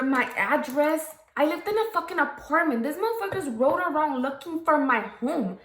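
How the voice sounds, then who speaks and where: A woman telling a story while doing a makeup tutorial, frank and profane, often checking in with "okay?" and "right?". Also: sits high. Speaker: makeup vlogger. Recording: echoey room.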